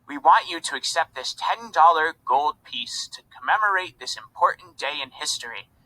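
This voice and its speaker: A formal, ceremonious colonel in a storybook, voiced by a male reader, polite and official. His voice is bright and somewhat high. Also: expressive, normal speed, poor audio.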